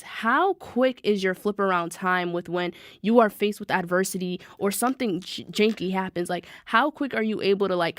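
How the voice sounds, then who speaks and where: A young adult woman, hosting a podcast in an animated, chatty self-help monologue that addresses listeners directly. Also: medium pitch, no echo, studio quality. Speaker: podcast host. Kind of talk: casual motivational monologue.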